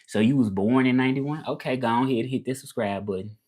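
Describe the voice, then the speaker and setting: A man with a Southern US drawl talks easily on a livestream, answering viewers at home. He is relaxed and chatty, and he says things twice and uses Southern slang. He is speaking as a language teacher who hosts his own channel. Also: mid-range voice, quick pace. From Memphis, Tennessee, United States. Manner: laid-back, chatty, repeats himself, Southern slang.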